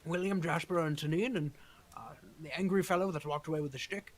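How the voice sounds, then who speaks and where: A man voicing an old male leader of dragon hunters, earnest and weary, speaking in a halting, grave, formal way. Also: a little high, natural voice, poor audio. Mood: genial. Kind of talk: role-playing a tabletop game character.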